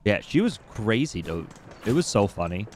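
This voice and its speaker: A man's voice: fairly low pitch, sing-song, normal speed, slight background noise. A man streaming a video game, chatting casually in an irreverent, profane, rambling way while coming down with a cold. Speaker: gaming livestreamer. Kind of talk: casual chat while playing.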